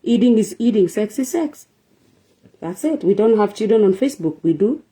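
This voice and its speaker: A woman's voice: medium pitch, expressive, moderate pace, mellow. A woman hosting a relationship talk show, lecturing her viewers with rhetorical questions and emphatic repetition. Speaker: show host. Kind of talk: preachy relationship talk monologue.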